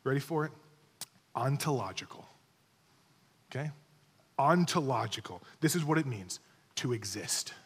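A man's voice: medium pitch, lively intonation, measured pace, long pauses, breathy edge. Emphatic preaching man in a reverberant hall. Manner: emphatic teaching, repeating key words, asking the room "okay?". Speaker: pastor. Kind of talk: sermon.

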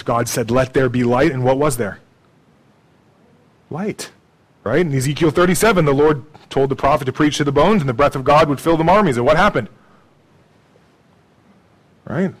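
In a low-quality recording, a man preaching as a pastor keeps his sermon conversational. He checks in with "okay?" and "right?" after his points and alternates gentle, low asides with raised, forceful delivery.

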